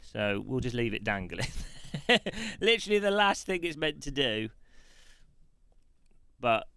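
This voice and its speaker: A man's voice: mid-range voice, sing-song, measured pace, bright, forceful tone, clear, resonant tone, dry recording. A middle-aged man streaming live, chatting and joking at his own expense while he fits out a sim rig. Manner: chatty, self-mocking, laughs often.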